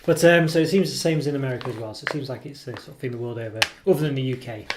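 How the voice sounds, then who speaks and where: A man chats through a chocolate review at a relaxed, meandering pace. His talk is loose and hesitant, with plenty of ums, restarts and self-mocking asides. The recording carries a clear hiss of background noise and the odd click. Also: medium pitch, racing. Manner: rambling and hesitant, with many ums and self-corrections; self-deprecating. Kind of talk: casual product review.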